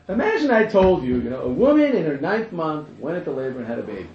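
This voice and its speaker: A man's voice: fairly high pitch, very animated, fast talker, few pauses, a little mellow. A man teaching a class in a humorous lecture, repeating phrases and chuckling at his own jokes. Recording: echoey room, muffled, faint hiss.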